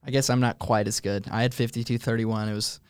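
A young man hosting a casual college sports talk show, thoughtful and filling pauses with um as he thinks aloud. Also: medium pitch, level tone, clear, resonant tone, no room sound, clean studio sound. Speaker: host.

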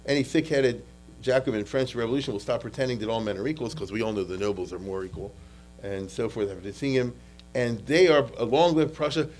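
A man giving a classroom history lecture, animated and full of restarts, acting out quotes to his students. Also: medium pitch, rough recording.

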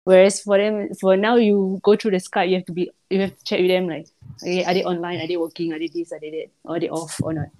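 A woman's voice: fairly low pitch, level tone, quick pace, dark tone. A young Singaporean woman chatting on a podcast, venting about office work with many "like"s. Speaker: office worker guest. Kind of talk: casual podcast chat.

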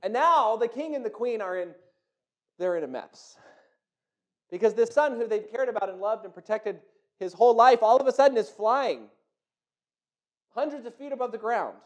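A man tells a folk tale aloud in a high, animated voice. He often doubles back on words as he builds the story. His telling feels spontaneous rather than scripted. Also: normal speed, long pauses. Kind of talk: oral storytelling.

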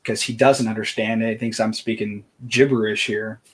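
A man co-hosting a podcast, talking through a Bible passage in a casual, halting way with many restarts. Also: on the low side, steady tone, a bit bright, breathy edge. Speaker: podcast co-host. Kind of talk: casual faith discussion.

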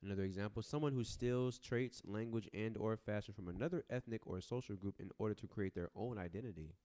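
Low-voiced man joking on a podcast. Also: brisk, dark tone. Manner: joking, laughs often, many restarts. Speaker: podcast co-host. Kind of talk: casual chat.

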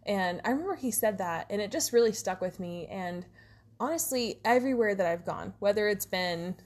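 Woman podcast co-host, rambling storyteller, easygoing chat, mid-range pitch. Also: lively intonation, moderate pace. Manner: rambling storyteller, many fillers. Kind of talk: casual chat.

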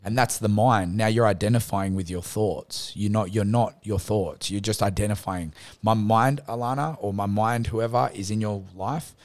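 A young man with a fairly low voice chats on a podcast. He tells stories animatedly and casually, with plenty of swearing. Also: moderate pace, few pauses. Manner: animated storyteller, swears freely. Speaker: podcast co-host. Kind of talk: casual chat.

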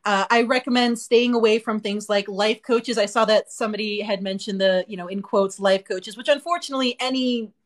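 Woman cohosting a podcast, blunt and candid, lots of ums and restarts, middle pitch. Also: steady tone, fairly quick, few pauses. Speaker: podcast co-host. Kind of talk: casual podcast chat.

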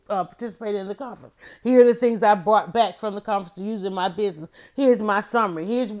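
A middle-aged woman hosting a motivational livestream, speaking in an animated, preachy way and often telling listeners to write things down. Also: medium pitch. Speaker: livestream host.

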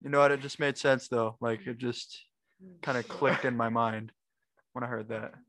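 A man's voice: medium pitch, fairly even intonation, moderate pace, a bit bright. A young man co-hosting a casual chat, upbeat and agreeable, laughing often. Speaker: podcast co-host.

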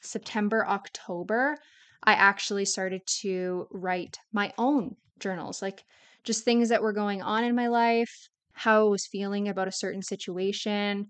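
A woman's voice: medium pitch, fairly even intonation, a little slow, a bit bright, clear, resonant tone. A young adult woman hosting a solo podcast, talking in a candid, confessional way with casual rambling and lots of "like" fillers. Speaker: podcast host.

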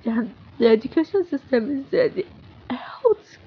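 Frustrated young Nigerian woman, husky voice. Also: a little high, muffled recording. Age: young adult. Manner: frustrated, halting, many restarts and sighs. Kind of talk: emotional unscripted monologue.

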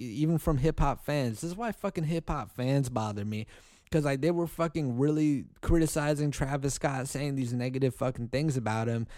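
A man's voice: medium pitch, warm tone, no echo. A man hosting a solo podcast, ranting in a heated, profane way with many restarts, and he says he is angry. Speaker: podcast host.

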